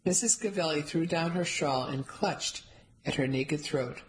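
A reader narrating a first-person novel in an even storytelling manner. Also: medium pitch, unhurried, low-quality recording. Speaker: audiobook narrator.

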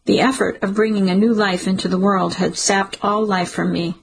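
A woman reading a first-person audiobook in a measured, emotional storytelling manner. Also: mid-range voice, steady tone, creaky, slight background noise, poor audio. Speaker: audiobook narrator.

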